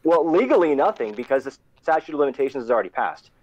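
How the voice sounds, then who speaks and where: A man's voice: mid-range voice, sing-song, fast talker, highs cut off. A man co-hosting a casual live discussion, explaining his points with many restarts over an online call.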